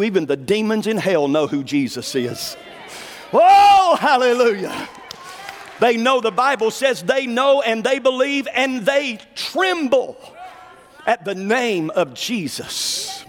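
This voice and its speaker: A male preacher delivering a fervent sermon, dropping to low asides and rising to shouted declarations. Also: expressive, normal speed, big-room sound.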